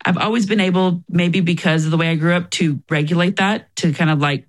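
A woman's voice: fairly low pitch, brisk, hardly any pauses, low-quality recording. A woman talking as an interview guest, telling her personal story in an earnest, reflective way and often quoting herself and others.

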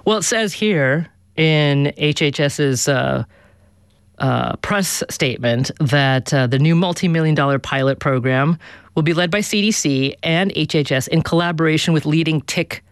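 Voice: medium pitch, moderate pace, clean tone, no room sound, studio quality. Radio host asking probing questions. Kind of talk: radio interview.

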